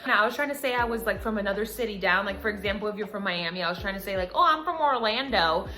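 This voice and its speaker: A young woman vlogger retelling a story in an animated, dramatic way. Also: mid-range voice, racing. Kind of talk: storytime vlog. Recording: echoey room, music.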